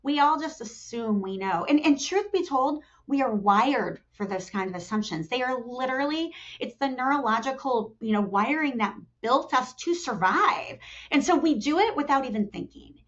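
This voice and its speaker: The guest on this podcast, a middle-aged talent development executive, is an animated storyteller who acts out quotes, her pitch jumping as she does. Talking at a moderate pace in a conversational interview, she often restarts and says "you know," over dull lo-fi audio.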